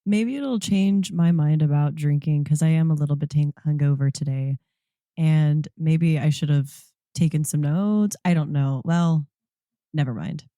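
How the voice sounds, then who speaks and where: Podcast co-host woman, low mellow voice, joking around, dry sound. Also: a little slow, dry recording. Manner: joking, self-deprecating. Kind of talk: casual podcast banter.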